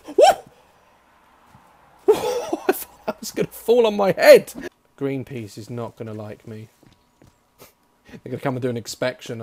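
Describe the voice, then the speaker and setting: A young man giving jokey gameplay commentary; excitable, with frequent swearing. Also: mid-range voice. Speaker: gaming YouTuber.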